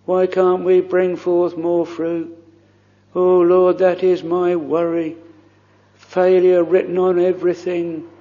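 Slow, pleading preacher in an echoing church. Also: male voice, high voice, flat delivery. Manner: earnest, pleading, in old-style formal phrasing. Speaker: minister leading prayer. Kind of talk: old-fashioned pulpit prayer. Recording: dull lo-fi recording in a reverberant hall.

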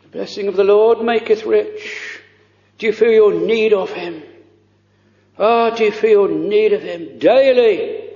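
A man preaching a fervent, pleading sermon, full of drawn-out exclamations and quoted prayers. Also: high-pitched, darkish tone. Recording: lo-fi recording in a reverberant church.

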